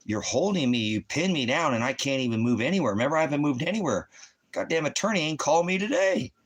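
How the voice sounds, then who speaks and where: A man's voice: on the high side, lively intonation, quick pace, breathy edge. A man in his fifties from the United States, talking at home in a loose, swearing, rambling monologue. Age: 50s. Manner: profane, ranting, loose and rambling. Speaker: channel host.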